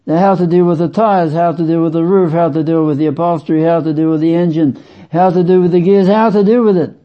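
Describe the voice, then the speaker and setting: A man preaching a sermon slowly and with emphasis, repeating phrases for weight. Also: fairly high pitch, steady tone. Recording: dull lo-fi sound.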